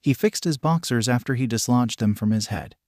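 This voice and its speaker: A man's voice: mid-range voice, fairly quick, darkish tone, no echo, studio quality. Man reading a comic fan fiction. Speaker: narrator.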